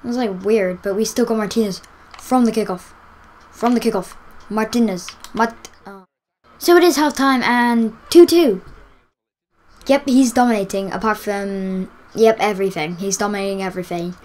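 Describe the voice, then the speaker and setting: A woman giving live commentary on a football video game, excitable, cheering and groaning as the play unfolds. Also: medium pitch, moderate pace. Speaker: gaming YouTuber.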